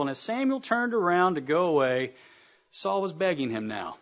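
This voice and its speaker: Man, sermon, slightly high voice, dull lo-fi recording, emphatic asides. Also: big pitch swings, normal speed, fairly bright tone. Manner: reads verses aloud with emphatic asides to the congregation. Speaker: preacher. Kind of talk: sermon with scripture reading.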